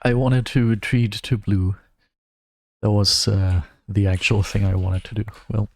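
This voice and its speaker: A man's voice: lowish voice, level tone, a little slow. A young man from Germany, giving wry, self-mocking running commentary while streaming a game. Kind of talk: casual gameplay commentary.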